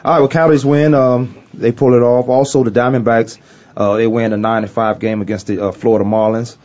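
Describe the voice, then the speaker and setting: A man's voice: mid-range voice, little pitch movement, brisk, darkish tone, dull audio. A man from Virginia hosting a live sports talk radio show from a studio, talking loosely with frequent restarts and laughs.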